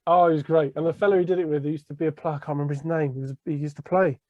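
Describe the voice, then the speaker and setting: Brief: high-pitched podcast host, rambly, muffled lo-fi recording. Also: male voice, fairly even intonation, very fast, mellow, no room sound. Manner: laughs mid-sentence, rambly. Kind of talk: casual chat. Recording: dull lo-fi audio.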